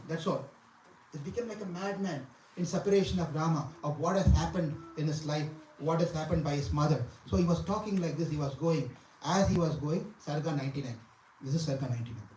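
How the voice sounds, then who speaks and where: Preacher chanting and teaching from afar. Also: male voice, on the high side, fairly quick, darkish tone, a little hiss or hum. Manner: chants Sanskrit verses, then explains with repetition and questions to the audience. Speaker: scripture teacher. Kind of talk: devotional scripture class. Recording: echoey room, from far off.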